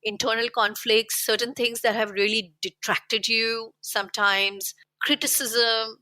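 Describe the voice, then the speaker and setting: A woman's voice: medium pitch, bright, forceful tone, no room sound. A woman hosting an interview, asking long, winding, probing questions. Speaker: podcast host.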